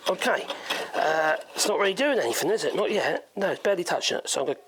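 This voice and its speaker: A man's voice: a little high, lively intonation, fast talker, fairly bright tone, slight background noise. A man with a Norfolk accent giving a chatty, rambling woodworking demonstration in his workshop, thinking aloud as he goes. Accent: Norfolk English. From Norfolk, England.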